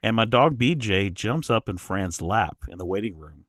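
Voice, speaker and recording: A man guest on a podcast, telling a travel story in an animated way, often restarting his sentences. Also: fairly low pitch, moderate pace, dry recording, clean studio sound. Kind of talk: casual storytelling.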